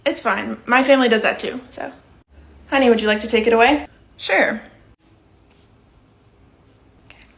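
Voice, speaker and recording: A woman's voice: fairly high pitch, moderate pace, creaky, long pauses. A young woman performing short comedy sketches, playing every part herself with a dry, matter-of-fact delivery.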